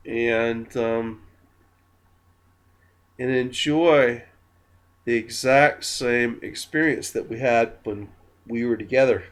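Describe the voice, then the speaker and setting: A man who is drunk, talking in a slow, meandering, giggly way with many ums in a spiritual monologue to camera. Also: medium pitch. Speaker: spiritual vlogger.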